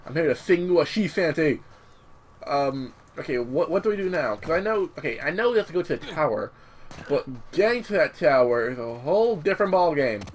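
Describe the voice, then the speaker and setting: A man's voice: on the high side, very animated, fairly quick, slight background noise. A young man hosting a gaming channel, chatting casually over gameplay, rambling with many restarts and casual swearing. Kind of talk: let's-play commentary.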